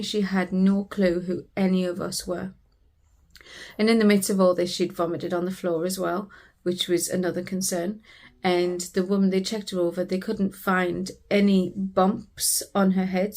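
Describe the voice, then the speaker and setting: A woman's voice: medium pitch, little pitch movement, moderate pace, a little mellow. A British woman, a family vlogger, earnestly retelling a frightening family emergency in a personal storytelling vlog.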